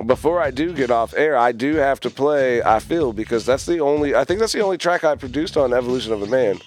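A man's voice: medium pitch, fast talker, soft background music. A man hosting a radio show, telling stories in casual chat and laughing often. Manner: laughs often, animated storytelling. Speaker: radio host. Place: radio studio.

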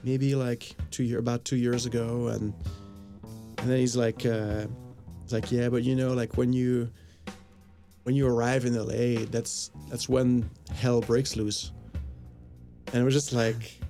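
Gravelly man telling a rambling story. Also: mid-range voice, flat delivery, measured pace, dark tone, faint music behind. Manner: rambling, many fillers and quoted dialogue. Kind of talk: casual anecdote. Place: Los Angeles area.

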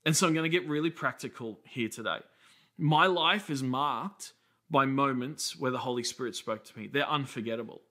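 A pastor in his thirties from Australia delivers a sermon, telling stories conversationally and tossing in quick asides. His voice sits in the mid range, bright and forceful.

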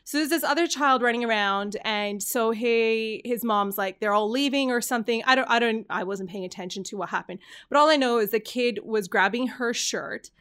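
A woman's voice: fairly high pitch, moderate pace, few pauses, a bit bright, clear, resonant tone. A woman in her thirties telling a story in casual chat, earnest and rambling, often restarting her sentences. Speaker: podcast host.

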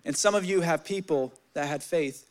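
A young male preacher with a fairly high voice, delivering a sermon in a candid, storytelling way. He gets louder and more animated as his stories build, then drops low and quiet when he reads scripture. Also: moderate pace.

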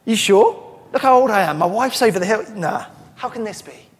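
A man's voice: high-pitched, expressive, moderate pace, husky, pitched above the performer's own voice. A man voicing a stubborn, skeptical elderly priest who protests in disbelief, heard with long church-hall reverb. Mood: incredulous. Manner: incredulous, protesting.

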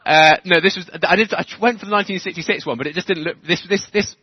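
A man preaching a sermon in church, animated, chuckling often and building to fervent emphasis. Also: sits high, fast, husky, no room sound. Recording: dull lo-fi church recording.

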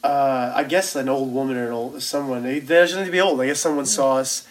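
A man's voice: mid-range voice, fairly even intonation, brisk. A man in his twenties, a band member, telling tour stories in a rambling, casual way, full of slang and restarts. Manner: rambling, lots of fillers and restarts, loose slang. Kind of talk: casual storytelling chat.

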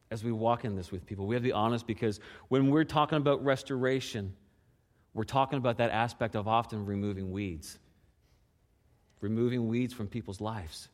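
A pastor preaching a conversational sermon full of rhetorical questions, dropping to a hushed prayer and rising to animated emphasis. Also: male voice, mid-range voice. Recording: preaching in a reverberant hall.

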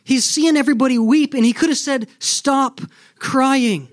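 A man's voice: extremely high pitch, quick pace, a little mellow. A man preaching a sermon as a pastor, earnest and emphatic, often turning to the congregation with rhetorical questions.

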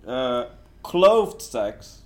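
A man co-hosting a podcast, chatting casually about a film with a wry, deadpan humor. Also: mid-range voice, very slow. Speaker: podcast co-host. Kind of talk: casual film-review chat.

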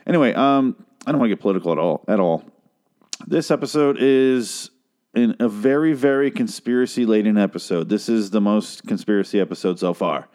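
A man's voice: fairly low pitch, a little fast, a little mellow. A man hosting a podcast, talking in a casual, rambling way full of swearing and filler words. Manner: profane, rambling, with frequent fillers. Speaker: podcast host reviewing a TV series.

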